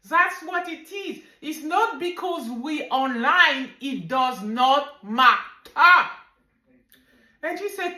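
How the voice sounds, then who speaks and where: Slow, animated high-voiced woman. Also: roomy sound, poor audio. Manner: animated, emphatic, very drawn-out delivery. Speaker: online business owner. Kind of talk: personal storytelling vlog.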